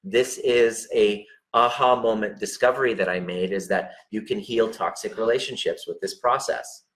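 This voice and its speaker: A man's voice: on the low side, normal speed, fairly bright tone. Blunt, swearing man coaching relationships. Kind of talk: direct unscripted coaching talk.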